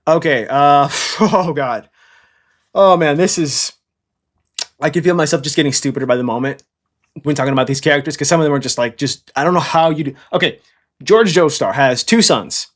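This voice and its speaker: A man's voice: fairly high pitch, normal speed. A man in casual, rambling commentary, blunt and profane, who keeps checking in with "okay?". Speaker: anime commentator. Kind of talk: casual tier-list commentary.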